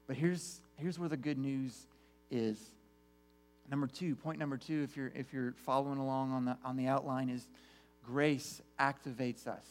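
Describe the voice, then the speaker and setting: A man's voice: medium pitch, fairly even intonation, normal speed, faint music behind. Earnest man preaching a sermon. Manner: earnest, repeats words often as he restarts phrases. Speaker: pastor.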